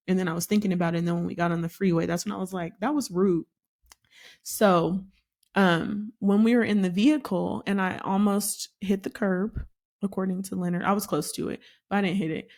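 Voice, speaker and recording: Animated woman telling a story. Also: on the low side, normal speed. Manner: animated storytelling, acts out quotes. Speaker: podcast co-host. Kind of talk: casual chat.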